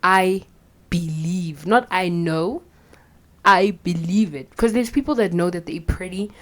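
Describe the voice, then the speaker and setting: A young woman, telling a candid personal story with plenty of swearing and quiet whispered asides. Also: lowish voice, unhurried. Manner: blunt and profane, drops into whispered asides. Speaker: vlogger.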